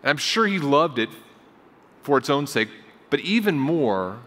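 Male pastor, slightly higher-pitched voice, casual storytelling sermon, echoing church sanctuary. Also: very animated, a little slow, bright, forceful tone. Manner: conversational storytelling preaching, repeats phrases for emphasis. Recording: long hall reverb.

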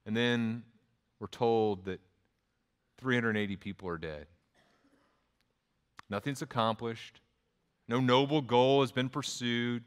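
A man with a Texas accent, preaching a sermon in a relaxed, conversational way, with frequent restarts and quoted asides. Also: medium pitch, normal speed, pauses often, clean tone. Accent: Texan. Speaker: pastor. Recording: long hall reverb.

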